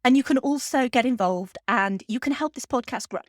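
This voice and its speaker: A woman hosting a film podcast, talking in an earnest, heartfelt way with pauses while close to tears. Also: fairly high pitch, no echo. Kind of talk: heartfelt spoken podcast tribute.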